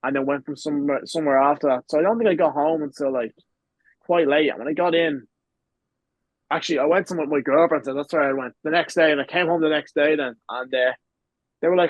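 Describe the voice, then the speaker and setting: A man's voice: a little high, fast, no room sound, dull audio. A man in his twenties with an Irish accent, a podcast guest telling long rambling stories and swearing freely in casual chat. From Ireland. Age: 20s. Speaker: guest, pro wrestler.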